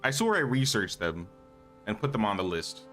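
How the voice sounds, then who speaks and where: A man's voice: fairly low pitch, very animated, moderate pace, a bit bright, soft background music. A man casually talking through a live game stream, thinking aloud and greeting viewers, his voice a bit worn. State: slightly losing his voice.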